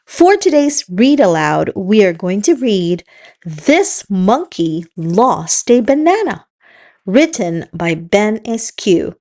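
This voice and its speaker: A woman hosting a children's read-aloud, telling the story in a slow, encouraging teacher's manner. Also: mid-range voice, very animated, a little mellow. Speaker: children's book reader and host.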